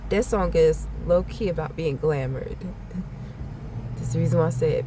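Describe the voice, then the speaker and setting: Woman, lower register, casual blunt spiritual vlogger who repeats her warnings and swears, traffic noise loud behind her. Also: unhurried. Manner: blunt, repetitive, swears freely. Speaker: spiritual vlogger giving a channeled message.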